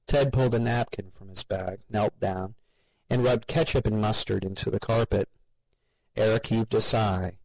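A man's voice: fairly low pitch, normal speed, no room sound, poor audio. A man narrating a story as an audiobook reader, voicing the characters himself. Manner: steady, gravelly, reads all the voices. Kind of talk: scripted narration.

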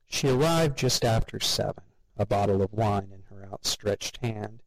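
A man narrating a story with a steady, even reading. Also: lowish voice, measured pace, dry recording, poor audio.

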